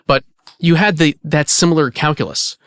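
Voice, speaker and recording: A man, an archivist hosting the conversation, explaining in a relaxed way with lots of "you know" fillers. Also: on the high side, normal speed, dry recording, studio quality. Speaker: archivist and host. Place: indoor archive space.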